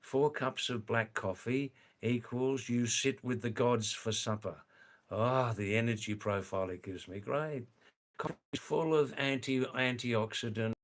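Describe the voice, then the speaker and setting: An Australian man chats on a live stream and reads out his viewers' messages. His voice sits at an ordinary middle pitch. He explains things in a loose, rambling way. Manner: chatty, reads viewer comments aloud, drawn-out explanations. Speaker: livestream host reading chat. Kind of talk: casual live-stream chat.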